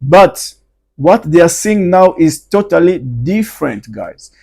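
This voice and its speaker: A man's voice: on the high side, big pitch swings, takes it slowly, vocal fry, darkish tone. A man hosting a reaction channel, addressing his viewers over and over as he comments. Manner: keeps calling out to the viewers, repeating himself. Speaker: channel host.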